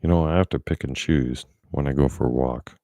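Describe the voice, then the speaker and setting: Middle-aged male vlogger, very low voice, dry close sound, swears freely while recounting. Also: brisk, gravelly, mellow, no room sound. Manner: blunt, profane, angry storytelling. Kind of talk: casual storytelling.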